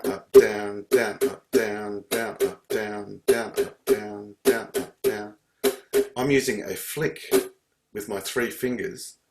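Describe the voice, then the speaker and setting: Chatty man teaching ukulele. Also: medium pitch. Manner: chatty, self-interrupting, counts strums aloud. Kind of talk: live online music lesson. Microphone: computer video call. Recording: echoey room on a video call. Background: ukulele strumming.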